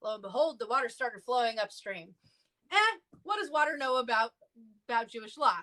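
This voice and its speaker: As a clergy guest on a livestream discussion, a woman tells casual, chatty stories laced with fillers. She is animated and a little fast, with a sharp tone, and her pitch jumps as she plays out the voices she quotes.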